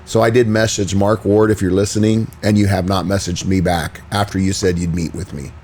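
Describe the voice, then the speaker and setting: A man's voice: sits low, flat delivery, brisk, darkish tone. A man co-hosting a podcast, speaking bluntly and with frustration, with many hesitant ums. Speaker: podcast co-host. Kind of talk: casual opinionated chat.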